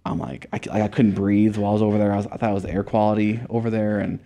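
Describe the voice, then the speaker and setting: A man's voice: on the low side, steady tone, very fast, vocal fry, dark tone. A young man from Montana, a guest in a casual interview, telling his story in a laid-back way, with lots of swearing and filler words. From Montana, USA.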